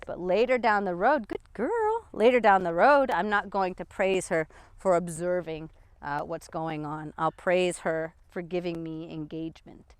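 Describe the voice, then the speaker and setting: A woman's voice: fairly even intonation, normal speed, smooth, dry recording. A woman dog trainer talking outdoors while walking a dog and explaining her methods, a bit out of breath. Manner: chatty, swings up high for dog praise.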